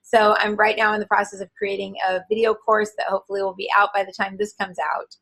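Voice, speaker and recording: Breathy, animated woman full of fillers. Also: mid-range voice, fast talker, rough recording. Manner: animated and enthusiastic, many filler words. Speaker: interview guest, author. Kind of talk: casual interview chat.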